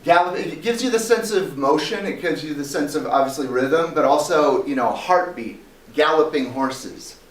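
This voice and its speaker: In a spacious classroom, a distant mic catches a male teacher lecturing, working through ideas step by step and quizzing students as he goes. Faint background noise runs under the recording. His voice is slightly high and his pace is normal.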